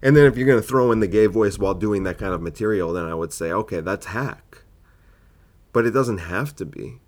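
A male comedian hosting his own podcast with a somewhat low voice. He argues his case in a loose, filler-heavy monologue, firing off rhetorical questions. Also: brisk. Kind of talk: opinionated solo podcast monologue.

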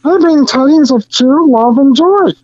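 A high, squeaky little male Christmas elf, as a man puts him on, bright with holiday cheer and a mischievous streak. His voice sits well above an ordinary man's, and the recording sounds dull and lo-fi. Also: unhurried. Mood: cheery.

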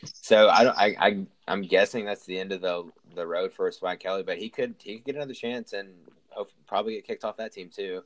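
Deep-voiced young man rambling about football. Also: fairly even intonation, a little fast, rough recording. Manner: rambling, restarts sentences, Southern "y'all". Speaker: podcast host. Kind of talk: casual sports chat.

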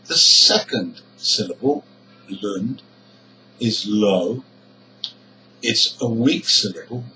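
A man teaching English pronunciation, explaining each point slowly and deliberately. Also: mid-range voice, pushed and bright, recorded from a distance, a little hiss or hum, poor audio. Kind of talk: slow explanatory lesson.

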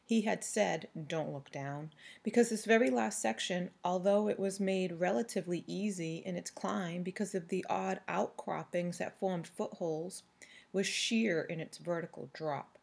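A woman reading a novel aloud in a steady, measured storytelling manner. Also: lowish voice, gravelly, breathy edge. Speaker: audiobook reader.

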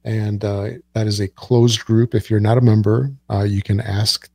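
A man's voice: on the low side, little pitch movement, normal speed, creaky, mellow, no room sound. A man co-hosting a casual podcast, giving listener info and joking with dry sarcasm. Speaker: podcast co-host. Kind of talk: casual chat.

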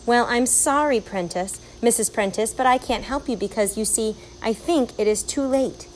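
A woman voicing a smug, tidy-minded neighbor lady in a storybook reading, lecturing and raised in pitch. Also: moderate pace, slight background noise, lightly acted, poor audio.

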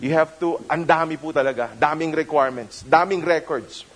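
A man's voice: a little high, a little fast, rough recording. A middle-aged man with a Filipino accent, preaching a conversational sermon that slips into Tagalog phrases. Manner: conversational, mixes in Tagalog phrases, many restarts. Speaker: pastor.

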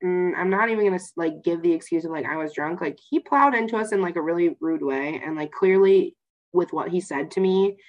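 A young woman in a casual podcast chat, telling a story with a lot of energy. Her pitch jumps around as she acts out the scenes, and she swears and laughs along the way. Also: fairly quick, muffled recording. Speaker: podcast co-host.

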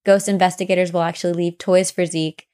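A young woman with a somewhat low voice co-hosts a casual podcast. She tells ghost stories in a chatty, animated way and acts out the people in them. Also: fairly quick. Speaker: podcast co-host. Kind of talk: casual chat, storytelling ghost lore.

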